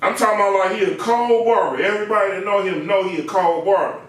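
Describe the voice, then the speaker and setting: A man who works as a barber tells a comedic story in a slangy, animated way, acting out the people in it. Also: sits high, quick pace. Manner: slangy, animated, acts out voices. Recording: very echoey, distant from mic.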